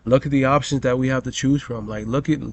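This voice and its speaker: A man's voice: medium pitch, fairly even intonation, fast talker. A young man telling a profane, rambling story as a vlogger rant, full of "bro" and "you know".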